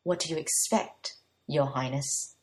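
A captive young warlock talks back, sullen and close to tears, as a woman reader voices him. The voice is somewhat low. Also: measured pace, a little mellow. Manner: tearful, sullen.

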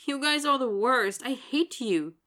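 Bright, excitable young barista, breathless exclamations, as a woman reads the part. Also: a little high, normal speed, voice pushed up. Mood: excited.

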